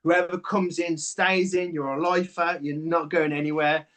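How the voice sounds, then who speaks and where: A man speaks as an interview guest, recounting his path with open emotion and the odd casual swear. His voice sits a touch higher than most men's. He tells it in an animated, heartfelt way. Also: moderate pace. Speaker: SMP artist and clinic owner, guest. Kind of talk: candid interview storytelling.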